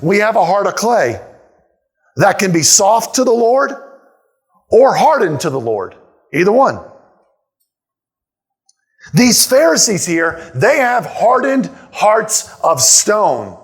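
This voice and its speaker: A man's voice: sits high, big pitch swings, takes it slowly, pauses often. A male pastor preaching a sermon in a church, emphatic, repeating key lines and asking rhetorical questions. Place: church sanctuary.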